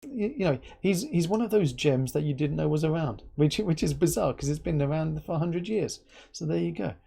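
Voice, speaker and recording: A man's voice: fairly high pitch, brisk, vocal fry, slightly rough. A man from England hosting a casual live interview, joking and telling stories with lots of laughter. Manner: joking, animated storyteller, laughs often. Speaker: host.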